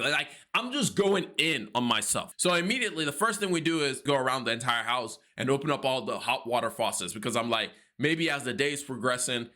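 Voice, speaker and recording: A man vlogging about personal finance, telling a personal story in an earnest, devout way and acting out his own past reactions with lively quotes. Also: medium pitch. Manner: animated, acts out his own panic and prayers in quotes.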